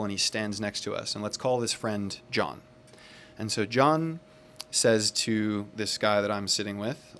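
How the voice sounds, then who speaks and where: A man tells a story in a calm, reflective way. He sounds earnest and unhurried, with a low voice that has a gravelly edge. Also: slight background noise. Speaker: men's accountability facilitator. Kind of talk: casual storytelling.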